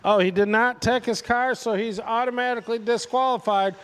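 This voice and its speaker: A man's voice: very high-pitched, fairly even intonation, brisk, a bit bright, long reverb tail, a little hiss or hum. A man announcing a radio-control car race live, calling positions and chatting casually with the drivers by name.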